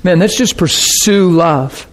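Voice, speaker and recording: A man's voice: high voice, slow pace. A man preaching a sermon in an earnest, conversational way, often checking that his listeners follow.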